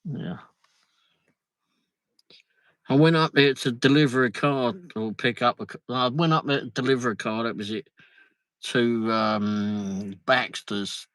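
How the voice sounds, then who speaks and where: Travelling on the road, a livestream host chats casually in a mid-range, fairly bright voice, a little slow. He reads viewer comments out loud, muttering asides. The recording is rough, with no room sound.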